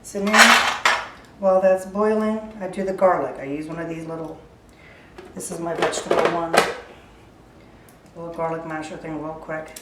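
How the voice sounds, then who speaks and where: A woman with a lowish voice chats her way through a recipe, thinking out loud as she chops and stirs. She stands back from the mic in a roomy, echoey kitchen, with loud clatter of pots, utensils and drawers around her. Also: steady tone, normal speed, recorded from a distance, heavy background noise. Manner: chatty, thinking aloud as she works. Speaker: home cook. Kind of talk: casual cooking demonstration. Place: home kitchen. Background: clattering dishes, utensils and drawers.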